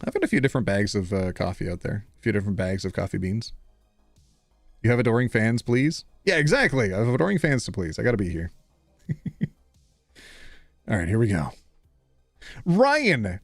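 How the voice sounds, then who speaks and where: Playful, chatty male streamer with an animated voice. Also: medium pitch, moderate pace, long pauses, no echo, clean studio sound, faint music behind. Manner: playful and chatty, talking to viewers and laughing a lot. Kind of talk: casual live-stream chat reading posts aloud.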